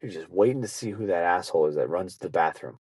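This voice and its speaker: A man hosting a podcast, rambling through a casual comic story and slipping into quick acted asides. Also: low voice, a little mellow, breathy edge, no echo. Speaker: podcast host. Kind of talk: casual monologue.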